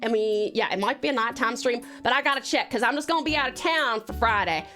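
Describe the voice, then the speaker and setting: A woman's voice: fairly high pitch, fast, bright, forceful tone, soft background music. A woman streamer putting on a Southern US accent, calling chatters darling while chatting on stream. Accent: Southern US (Georgia/Alabama). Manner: calls chatters darling and sweetheart. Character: drawling Southern-accented young woman, sweet. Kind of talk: live stream chat in a put-on accent.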